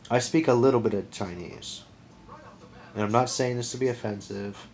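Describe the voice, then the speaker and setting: A man's voice: mid-range voice, normal speed. Rambling, repetitive American man ranting. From United States. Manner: rambling, repetitive, animated opinionated rant. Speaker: vlogger. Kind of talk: casual monologue to camera.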